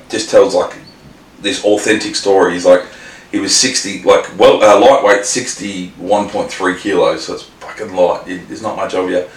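Low-voiced Australian bloke, rambling chat. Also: male voice. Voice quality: sweary, rambling, many restarts. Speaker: podcast co-host. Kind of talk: casual chat. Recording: roomy, distant mic with faint noise.

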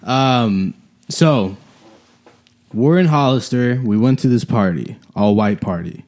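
A young man from Watsonville, California, casually telling a profane, animated story about a party fight, often laughing. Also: mid-range voice, unhurried.

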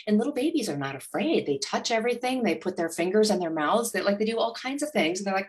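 A woman who is a money coach, speaking as a guest in an interview and acting out inner voices with animated energy. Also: medium pitch, quick pace, hardly any pauses. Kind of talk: motivational interview talk.

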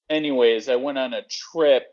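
A man doing a comedic impression of his cohost as a long-winded guy who launches quickly into a rambling story. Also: mid-range voice, a little mellow, muffled recording. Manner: quick, rambling, self-important.

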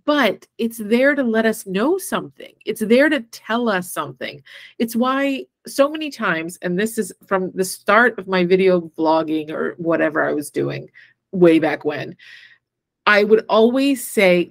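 A woman co-hosting a casual talk about energy and feelings. She speaks in a mid-range voice, animated and full of fillers, and slips into little acted quotes. The mic is close and dry. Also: medium pitch, measured pace, gravelly, dry recording. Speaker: podcast co-host. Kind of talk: casual spiritual chat.

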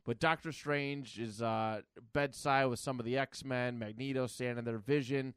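A man's voice: mid-range voice, steady tone, clean tone, no echo, studio quality. A man co-hosting a comic book podcast, casually recapping a story in a rambling way and briefly acting out the characters' lines. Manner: rambling, acts out comic characters in quick put-on voices. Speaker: podcast co-host.

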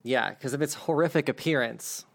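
Brief: male game master, casual rules talk, gravelly fry in the voice. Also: mid-range voice, normal speed. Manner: relaxed, explains rules, swears casually. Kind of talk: running a tabletop game.

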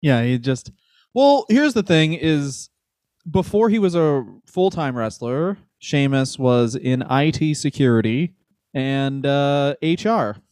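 A man's voice: mid-range voice, expressive, slow pace, a little mellow, no room sound. Laughing joking man, dry sound. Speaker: podcast co-host. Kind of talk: comedic podcast banter.

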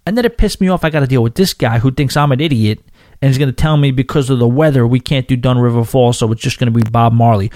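Mellow-voiced man ranting about a trip. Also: medium pitch, fast talker, dry recording, studio quality. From New York. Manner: animated, profane ranting with frequent restarts. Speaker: podcast host. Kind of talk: casual storytelling monologue.

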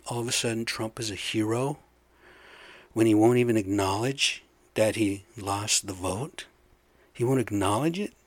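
A man's voice: medium pitch, fairly bright tone, no room sound. Profane, worked-up man ranting. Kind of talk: casual rant.

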